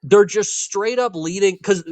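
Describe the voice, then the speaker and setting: A young man with a high-sitting, darkish voice speaks at a measured pace in a dry recording. Co-hosting a podcast, he casually recounts movie scenes and acts out the characters' lines in relaxed chat.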